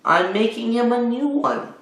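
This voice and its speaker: A man's voice: very high voice, a little slow, gravelly, a bit bright, voice pushed up, heavily acted. A man plays a dramatic little boy from a picture book, pleading and striking deals. The voice is pushed well above his own, wheedling. A roomy echo hangs on it. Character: stubborn little boy bargaining over his toys.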